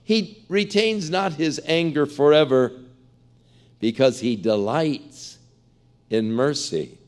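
Man preaching a sermon. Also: on the high side. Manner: earnest preaching, acts out parable voices. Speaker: pastor. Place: large church.

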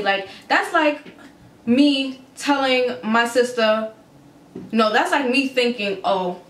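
A young adult woman vlogger recounting a story in a casual, animated, swearing, incredulous way. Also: a little high. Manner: animated, profane, incredulous retelling. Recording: roomy echo with faint ambience.

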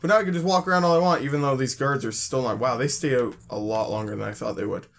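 Fast and gravelly, with a medium pitch and a touch of brightness, a young man from Canada casually comments on his game as he plays it, grumbling, making jokes, and reading in-game text out loud.

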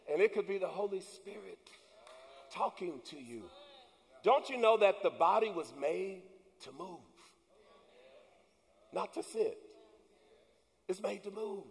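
High-voiced pastor preaching in a reverberant church. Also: male voice, lively intonation, slow pace, creaky, pauses often. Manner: preaching with rising, shouted emphasis and call-and-response. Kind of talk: sermon. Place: church sanctuary.

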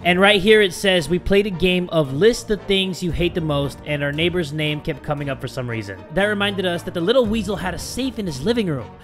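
A young man playing a survival game, reading its text aloud and reacting with excitable, sometimes profane commentary. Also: high voice, a little fast, hardly any pauses, soft background music. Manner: excitable, reads game text aloud, swears, yells at setbacks. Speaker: gaming YouTuber. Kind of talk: let's play commentary.

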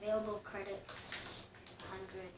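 A woman's voice: medium pitch, flat delivery, slow pace. A woman casually commenting on her own gameplay, chatty and giggly, talking to herself as she plays. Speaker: gaming vlogger. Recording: echoey room, distant mic, noisy.

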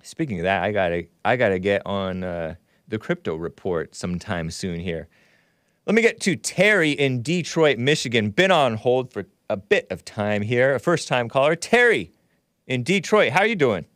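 A man hosting a loose, rambling livestream show, chuckling often as he reads chat and talks to callers. His voice sits at an ordinary middle pitch. It is recorded close and dry, with no room sound. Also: very animated, normal speed, a bit bright, dry recording. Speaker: host. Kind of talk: casual livestream commentary.

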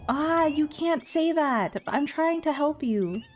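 A woman VTuber streaming a game, reacting in excitable, panicky bursts with repeated shouts and frequent swearing. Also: sits high, slow, a little hiss or hum. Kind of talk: casual live gameplay commentary.

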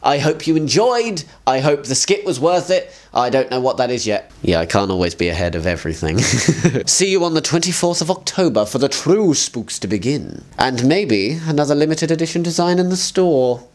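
Lively chatty male show host. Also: fairly high pitch, normal speed. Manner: enthusiastic, chatty, jokey asides. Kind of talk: casual community show chat.

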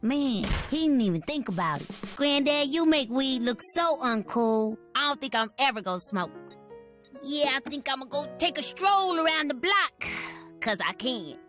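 A mouthy, sarcastic young cartoon boy. His voice is high and cocky, and music plays clearly behind him. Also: animated, moderate pace, fairly bright tone.

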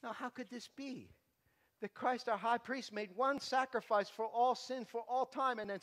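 A male pastor giving his testimony as a sermon, passionate, moving from hushed to loud preaching. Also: very high-pitched, fairly even intonation, normal speed, in a large hall.

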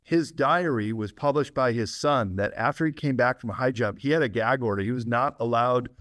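A man's voice: medium pitch, a little fast, a bit bright, no echo, studio quality. A man as a guest author on an interview podcast, explaining at length with enthusiasm and frequent laughs.

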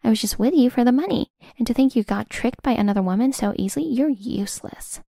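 A woman's voice: a little high, fast talker, creaky, no room sound, studio quality, pitched above the performer's own voice. Woman doing a scornful greedy mistress. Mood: contemptuous. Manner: contemptuous, sharp.

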